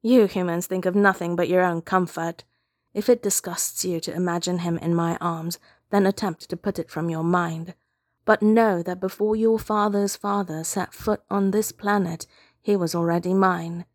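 A woman's voice: on the low side, fairly even intonation, normal speed, no room sound, studio quality, close to an everyday voice. Woman reading as a scornful, menacing brother. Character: cold possessive male immortal, brother.

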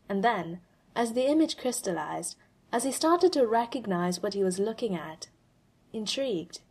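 A woman narrating a fan story aloud, with expressive pacing and dramatic pauses. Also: mid-range voice, slightly rough. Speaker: fanfiction reader.

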